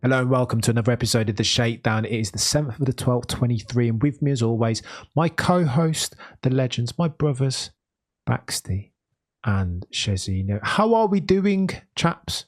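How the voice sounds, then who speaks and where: A man's voice: mid-range voice, moderate pace. A man from Birmingham, England hosting a podcast, explaining a story in earnest, casual commentary. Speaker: podcast host.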